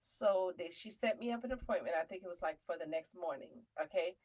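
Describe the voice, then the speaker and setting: A woman comedian and show host telling a funny personal story, chatty and animated, calling listeners honey and slipping into faith testimony. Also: fairly low pitch, brisk, poor audio. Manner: testimony-style preaching about faith.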